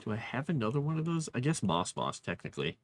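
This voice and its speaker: A man with a medium-pitched, very animated voice talks quickly while building a fantasy map on a casual livestream. He mutters to himself as he works and coos at his cat.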